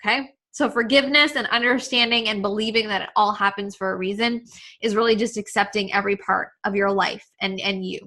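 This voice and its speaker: A woman's voice: mid-range voice, steady tone, fairly quick, sharp tone. Earnest, emotional woman coach. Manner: earnest, emotional, repeats herself, many "like" fillers. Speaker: confidence coach leading a webinar. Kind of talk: live webinar talk.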